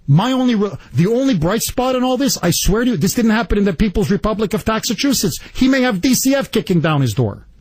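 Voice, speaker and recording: A man hosting a talk radio show, delivering an indignant, rapid-fire political monologue. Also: high-pitched, sing-song, a little mellow, no room sound.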